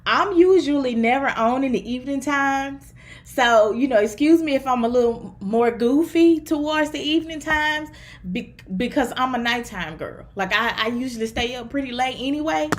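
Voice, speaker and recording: A woman's voice: high voice, normal speed. A woman from the Southern US with a country twang, a therapist and relationship coach chatting to viewers on a livestream. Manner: chatty, upbeat, talks straight to viewers. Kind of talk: casual livestream talk.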